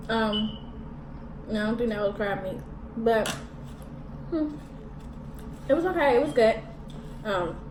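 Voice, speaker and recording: A woman vlogging a mukbang, chatting casually in slang while eating and talking with her mouth full. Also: medium pitch. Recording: echoey room from a distance with background noise.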